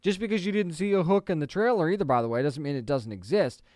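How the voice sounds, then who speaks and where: A man in his thirties hosting an entertainment news show, chatting casually and opinionated, with an animated delivery. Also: fairly high pitch, fast talker, no room sound, studio quality. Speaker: podcast host.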